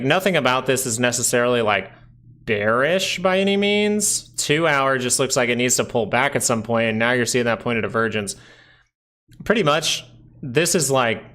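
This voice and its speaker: A man runs a relaxed livestream, picking through stock charts out loud. He talks casually and rambles a bit, pausing to call out viewers by name, with a voice of ordinary pitch. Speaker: stock market livestream host. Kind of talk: casual live chart analysis with chat.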